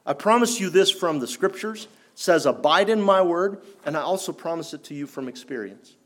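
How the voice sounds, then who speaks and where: A man preaching a sermon in an earnest, challenging way, rising for emphasis and dropping low. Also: expressive, fairly quick. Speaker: pastor.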